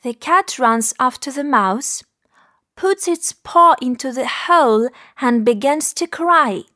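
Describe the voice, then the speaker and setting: Woman reading a kids story slow and clear, high bright voice, dry close sound. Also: expressive, dry recording. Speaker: narrator. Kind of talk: slow narration for English learners.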